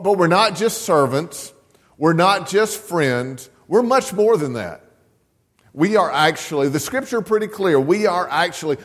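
A man's voice: sits high, a bit bright. A man preaching a sermon as a pastor, in a conversational way, chuckling now and then and asking the congregation questions. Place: church sanctuary. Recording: long church reverb.

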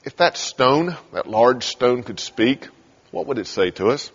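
A man's voice: mid-range voice, lively intonation, measured pace, slightly rough. A man preaching a sermon, telling scripture stories and acting out the lines. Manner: storytelling, acting out scripture scenes. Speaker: pastor. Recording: dull sound in a large reverberant hall.

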